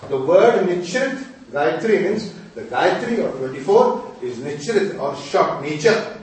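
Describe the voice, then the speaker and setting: A man teaching mantras to a group, quizzing his listeners emphatically and chanting verses slowly. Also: fairly high pitch, big pitch swings. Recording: echoey room, distant mic.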